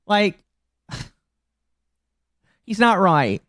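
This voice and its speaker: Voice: mid-range voice, expressive, slow, pauses often, clear, resonant tone, dry recording. Mid-twenties streamer, blunt, swears a lot, mocking, dry close sound. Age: mid-20s. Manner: blunt, profane and mocking, rising to indignant outbursts. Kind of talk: casual live-stream commentary.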